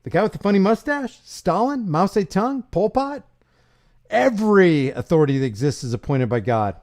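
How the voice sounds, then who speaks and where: On a casual live stream, a male channel host reads verses aloud and rebuts them with sarcastic, mocking asides. His voice is high and darkish in tone, very animated, at a moderate pace.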